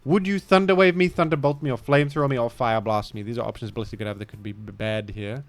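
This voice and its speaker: A man's voice: medium pitch, steady tone, quick pace, dry recording. A man with a British accent commenting live on a game he is playing, rambling in a playful, mock-grandiose way. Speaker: streamer.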